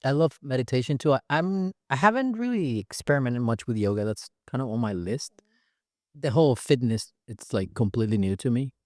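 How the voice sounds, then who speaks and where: A man hosts a podcast with a playful, teasing, upbeat manner, tossing light questions at his guest. His voice sits at a middle pitch for a man. The sound is dry and close, with no room echo. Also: expressive, a little fast, darkish tone. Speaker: podcast host. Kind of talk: casual interview chat.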